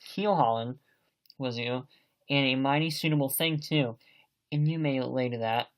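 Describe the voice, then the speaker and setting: A man reading aloud as a crafty, blustering one-legged tavern landlord in an audiobook, speaking loudly and sternly. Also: medium pitch, a little slow, natural voice. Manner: loud, stern scolding.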